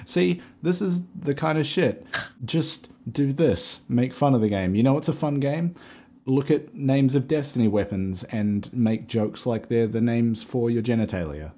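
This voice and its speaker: A man's voice: mid-range voice, lively intonation, a little slow, warm tone. A man co-hosting a podcast in casual chat, joking dryly and agreeing a lot. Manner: dry joking, lots of agreeing yeahs. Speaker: podcast co-host.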